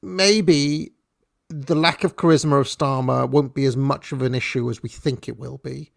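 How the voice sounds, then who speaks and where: A man's voice: medium pitch, steady tone, moderate pace, gravelly, no room sound, clean studio sound. A man giving blunt, irreverent political commentary in a casual, profane rant.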